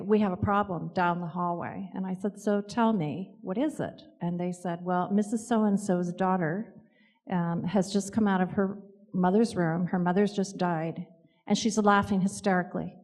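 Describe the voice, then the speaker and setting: A woman telling personal stories in a gentle, reflective way, with pauses. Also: lowish voice, steady tone, big-room sound. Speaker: co-author and speaker. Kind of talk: storytelling talk.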